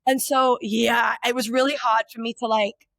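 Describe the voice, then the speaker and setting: A woman's voice: a little high, little pitch movement, normal speed, gravelly, fairly bright tone, dry recording, clean studio sound. A woman in her thirties co-hosting a podcast, talking in a candid, rambling and emotionally open way, full of filler words. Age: 30s. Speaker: podcast co-host. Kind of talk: casual reflective conversation.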